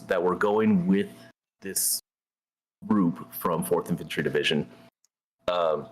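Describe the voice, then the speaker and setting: Deep-voiced man telling a blunt story. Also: a little hiss or hum. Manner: blunt, profane, conversational. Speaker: gaming streamer and host. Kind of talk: casual storytelling while gaming.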